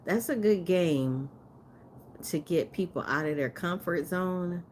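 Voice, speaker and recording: Woman host, casual livestream chat, slow and low, rambling with frequent laughs. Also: darkish tone, slight background noise. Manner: chatty, rambling, laughs often. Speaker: live streamer.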